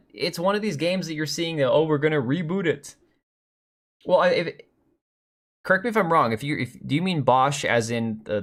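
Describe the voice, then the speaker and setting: A man's voice: medium pitch, a bit bright. A middle-aged man hosting a live stream, rambling bluntly with profanity as he reads and answers chat.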